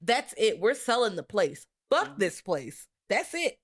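A woman co-host in an easygoing talk about horror films, swearing often and jumping into little acted-out rants. Her voice sits at a medium pitch for a woman. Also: measured pace. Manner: profane, animated, acts out rants. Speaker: podcast co-host.

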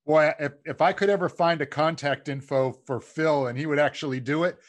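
A man's voice: fairly high pitch, steady tone, brisk. A male host chatting casually and joking with his guest. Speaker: podcast host. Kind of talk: casual interview chat.

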